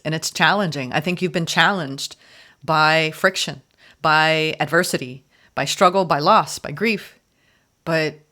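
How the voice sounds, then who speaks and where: A woman giving a spoken tarot reading, gushing and emphatic, often repeating words and filling pauses. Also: on the low side, fairly bright tone. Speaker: tarot reader.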